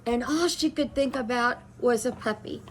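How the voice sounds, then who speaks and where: A woman's voice: fairly high pitch, moderate pace, slight background noise. A middle-aged woman who hosts a casual chat, telling a rambling story full of quoted dialogue. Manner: chatty, rambling, with many restarts and quoted dialogue. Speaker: host.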